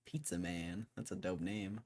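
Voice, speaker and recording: A man's voice: deep voice, fairly even intonation, normal speed, darkish tone. A young man from Connecticut hosting a livestream, reading headlines and making wry, offhand comments in casual chat. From Connecticut, USA. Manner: laid-back, wry, offhand remarks. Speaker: livestream host.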